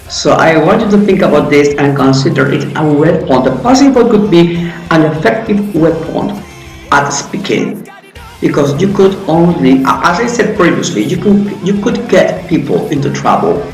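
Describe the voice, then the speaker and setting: Fairly high-voiced male teacher in an echoey room. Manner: explains and asks questions to himself, with frequent restarts. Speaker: English teacher. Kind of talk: casual online grammar lesson. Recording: echoey room with faint music.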